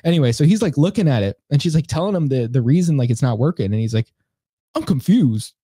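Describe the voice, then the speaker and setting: A man's voice: medium pitch, expressive, very fast, dark tone, slightly rough, no echo, clean studio sound. A young man co-hosting a comedy podcast, telling rambling stories with many fillers and restarts. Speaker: podcast co-host. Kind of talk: casual storytelling chat.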